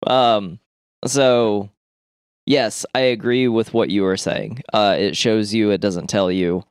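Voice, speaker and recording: A man's voice: on the low side, fairly even intonation, takes it slowly, clear, resonant tone, no echo, clean studio sound. A man hosting a podcast, chatting casually with profane, emphatic opinions. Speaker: podcast host. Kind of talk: casual chat.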